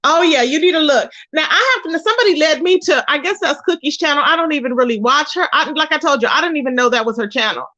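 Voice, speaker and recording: A woman with a high, bright, cutting voice hosts a casual livestream. She tells her stories with animated, exclamation-filled delivery. The stream audio sounds dull and lo-fi. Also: quick pace, hardly any pauses. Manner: animated, expressive storytelling with loud exclamations and laughter. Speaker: livestream host.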